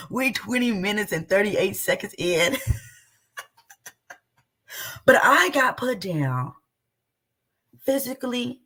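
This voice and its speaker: A woman giving heated reaction commentary, loud, indignant and mocking, with frequent outbursts. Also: medium pitch, slightly rough. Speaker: commentator reacting to a stream clip.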